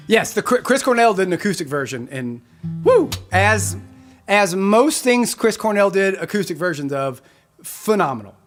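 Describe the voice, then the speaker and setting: A man's voice: high voice, big pitch swings, normal speed, faint music behind. A man in his forties, a musician hosting a live stream, chatting casually and rambling as he reads out viewer comments. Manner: chatty, rambling, self-correcting.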